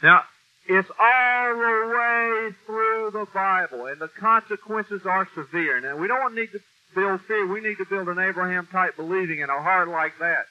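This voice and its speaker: A man's voice: high-pitched, moderate pace, pushed and bright. A man preaching an informal sermon in a blunt, folksy way, with mild cursing and heavy emphasis. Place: meeting room with a mic. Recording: dull lo-fi recording.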